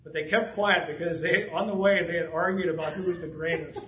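A pastor in his fifties, with a high, expressive voice and a slightly slow pace, preaches a conversational sermon, chuckling and acting out dialogue. The recording from the church sanctuary is roomy, distant and dull, with a noisy background.

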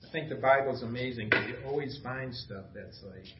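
A man's voice: medium pitch, a little fast, heavy background noise. A middle-aged man preaching an informal, conversational sermon, self-deprecating and asking the room questions. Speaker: pastor. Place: small church room. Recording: echoey room from far off, dull sound.

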